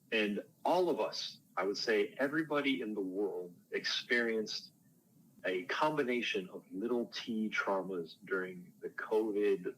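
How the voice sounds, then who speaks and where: Male counselor, low voice, relaxed explanatory interview answers, slight noise under the recording. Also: low-quality recording. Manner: explanatory, conversational, self-deprecating asides. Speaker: counselor and life coach. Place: outdoors on a porch.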